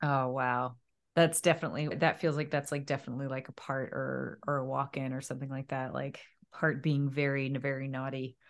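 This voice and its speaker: A woman's voice: extremely low pitch, level tone, a little fast. A woman co-hosting a podcast, reacting and musing conversationally. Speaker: podcast co-host. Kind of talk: casual chat.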